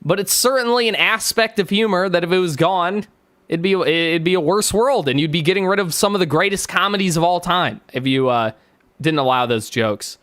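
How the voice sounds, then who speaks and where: A man's voice: high-pitched, moderate pace, fairly bright tone, no room sound. A man streaming live, reacting with sarcastic, mocking jokes and asides.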